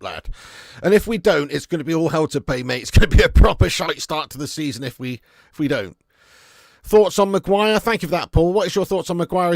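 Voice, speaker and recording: A man hosts a loose fan livestream, answering chat with blunt, swearing banter and calling everyone mate. His voice sits a little high. The sound is close and dry, with no room around it. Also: no echo. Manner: blunt, jokey, swears freely, calls viewers mate and lad. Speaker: fan channel host reading live chat.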